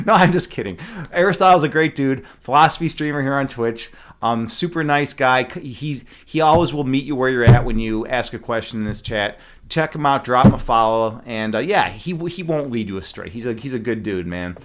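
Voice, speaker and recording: A man's voice: mid-range voice, normal speed, a bit bright. A man streaming live, chatting loosely with his viewers, rambling with many fillers and restarts and laughing at his own jokes. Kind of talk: casual chat with live chat.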